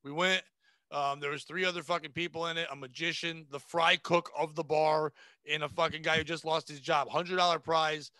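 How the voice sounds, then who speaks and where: Man, forties, comedian guest, brash profane storyteller, high-pitched, dry mic. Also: little pitch movement, moderate pace, sharp tone, no room sound. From New England. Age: 40s. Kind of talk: casual podcast chat.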